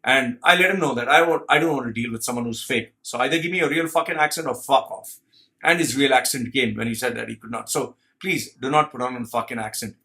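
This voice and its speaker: A man's voice: mid-range voice, fast, vocal fry, sharp tone. A man giving blunt, profane career advice in an emphatic monologue. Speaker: career coach.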